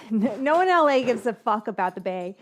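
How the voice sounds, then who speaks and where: Slight hiss or hum sits under this clip of a Bay Area cookbook author and cooking host, whose voice is a little high and expressive at a normal pace. She chats casually as she cooks, frank and foul-mouthed, drifting off topic as she rambles.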